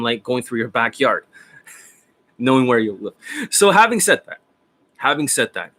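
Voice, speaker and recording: A man's voice: medium pitch, pushed and bright. A man who is a dating coach, talking in a rambling, profane, casual way and laughing often. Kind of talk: casual rambling livestream talk.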